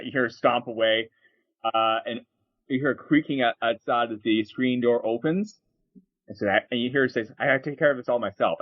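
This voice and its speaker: A man narrating a tabletop game as game master, lively and halting. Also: medium pitch. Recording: dull, lo-fi recording.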